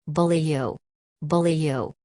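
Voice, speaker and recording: An exasperated older father scolds with bitter anger, read by a woman narrator. The voice is low, and the audiobook recording is dry and close. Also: fairly even intonation, unhurried, mellow, no room sound. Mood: angry. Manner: angry and scolding.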